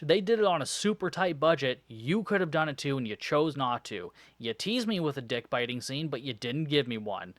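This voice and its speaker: A man's voice: mid-range voice, big pitch swings, moderate pace, few pauses, no room sound. A man hosting a podcast, casually recapping a film's plot with sarcasm, frequent swearing and rambling asides. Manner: sarcastic, rambling, swears often, laughs at the film. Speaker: podcast host reviewing a film.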